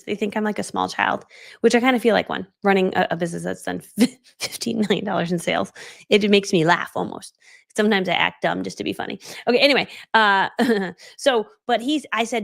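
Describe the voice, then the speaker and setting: A woman's voice: medium pitch, quick pace, gravelly, no echo. A middle-aged woman hosting a live coaching stream, chatty and bubbly, laughing often and reading out viewer comments, close on a studio microphone. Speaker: business coach hosting a livestream. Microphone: studio dynamic microphone.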